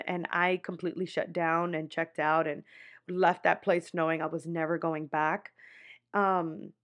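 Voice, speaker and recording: A woman's voice: lowish voice, a bit bright. Young woman host speaking into a podcast mic, candid storytelling, salty language, lots of "like". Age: 20s. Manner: blunt, heavy swearing, frequent "like" fillers. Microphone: podcast microphone.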